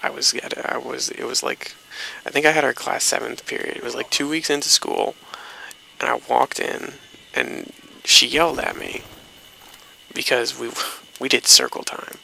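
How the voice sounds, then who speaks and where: Young male gaming commentator, rambling anecdote style, rough crackly edge, faint noise floor. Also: medium pitch, fairly even intonation, normal speed, pushed and bright. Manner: rambling, swearing, loose anecdotal delivery. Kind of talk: rambling storytelling over gameplay.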